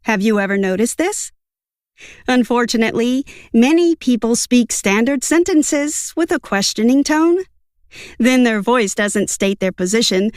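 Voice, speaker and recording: A woman narrating a scripted book summary in an even, measured reading. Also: a little high, no echo, studio quality.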